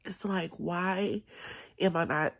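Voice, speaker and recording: A woman recording a late-night vlog on her phone, crying and halting, with sighs and long pauses. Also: fairly low pitch, creaky, fairly bright tone, husky. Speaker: vlogger. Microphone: phone held in hand.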